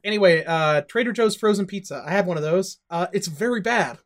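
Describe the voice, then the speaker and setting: A man's voice: high-pitched, fairly quick. A man co-hosting a casual podcast chat, rambling, swearing freely and asking confused questions. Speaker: podcast co-host.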